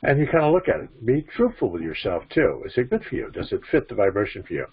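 A man's voice: mid-range voice, very animated, fast talker, breathy edge. A man teaching spirituality to an audience, repeating his phrases and asking the listeners questions. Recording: dull lo-fi recording.

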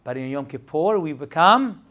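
A man's voice: fairly high pitch, animated, normal speed, pushed and bright, dull audio. A man teaching a Torah class as a rabbi, asking rhetorical questions and checking that his students follow.

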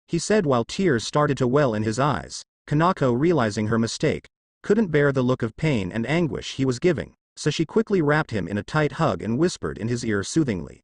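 Narrating a fanfiction story like an audiobook, a man keeps a moderate pace. His voice sits in the middle range with expressive, lively pitch, and the sound is close and dry with no echo.

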